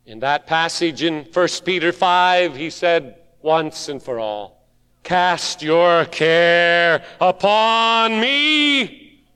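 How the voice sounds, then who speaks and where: A man preaching a sermon, swinging from ringing shouted calls down to hushed, pleading tones. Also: on the high side, lively intonation, takes it slowly, clean tone, big-room sound.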